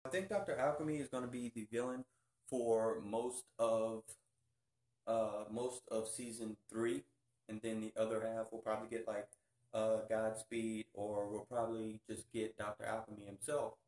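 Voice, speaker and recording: A man hosting a casual TV review vlog, talking excitably and peppering his speech with "freaking.". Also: fairly low pitch, normal speed. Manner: excitable, keeps saying "freaking". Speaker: YouTube reviewer. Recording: roomy echo.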